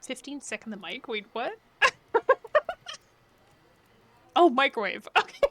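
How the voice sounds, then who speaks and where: A woman streamer chatting casually with her live chat, playful and giggly, often laughing and sometimes dropping into quiet mumbled asides. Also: fairly high pitch, sing-song, measured pace, a little hiss or hum.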